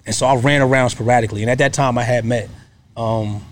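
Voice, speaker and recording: A man's voice: mid-range voice, steady tone, fast talker, slight background noise. A man in his thirties, a guest telling a personal story in casual, earnest talk, often checking in with "you know what I mean".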